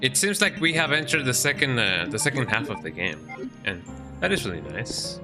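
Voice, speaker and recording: This is casual gameplay commentary from a young man streaming a video game. Speaking in a medium, sing-song voice at a moderate pace, he rambles and coos baby talk to his cat between moves while game music plays.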